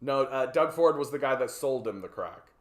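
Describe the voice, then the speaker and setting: A man's voice: mid-range voice, animated, normal speed. Canadian man, livestream host, casual profane rants, mid voice, roomy sound. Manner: profane, rambling, tags lines with "right?". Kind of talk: casual political commentary.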